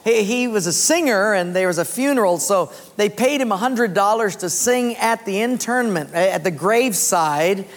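A pastor delivers a sermon in a large auditorium, shifting into conversational, animated storytelling. The voice carries a long reverb that trails through the hall, and the pitch sits in a middle register. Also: moderate pace, hardly any pauses.

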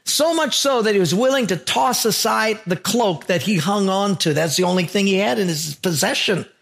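A man's voice: sits high, normal speed, gravelly, fairly bright tone. A man preaching a sermon as a pastor, earnest and emphatic, telling stories to drive his point home.

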